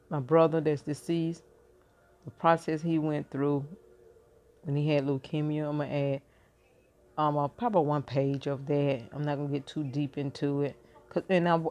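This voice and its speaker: A woman's voice: sits low, a little mellow, highs cut off. A woman in her fifties chatting casually to her viewers from bed, rambling and thinking aloud with many fillers and restarts. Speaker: vlogger. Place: in bed at home.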